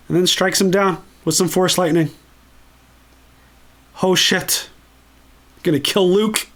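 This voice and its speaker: A man's voice: sits high, takes it slowly, long pauses, fairly bright tone. A man hosting a casual movie commentary, enthusiastic and freely swearing. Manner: enthusiastic and profane. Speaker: channel host.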